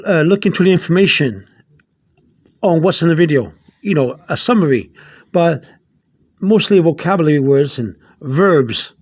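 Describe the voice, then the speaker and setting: High-voiced man teaching casually. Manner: rambling, repeats words, many fillers; spells out Spanish words slowly. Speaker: Spanish teacher. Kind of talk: casual video lesson.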